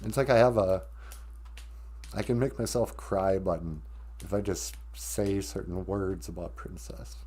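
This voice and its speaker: A man's voice: sits low, steady tone, unhurried, a little mellow, husky. A man hosting a live stream from home, talking candidly and rambling, with frequent asides that interrupt himself. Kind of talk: casual live-stream talk.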